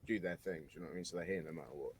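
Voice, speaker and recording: A man's voice: sits low, very fast, a little hiss or hum. A man in casual gaming chat, repeating "do you know what I mean" as he explains.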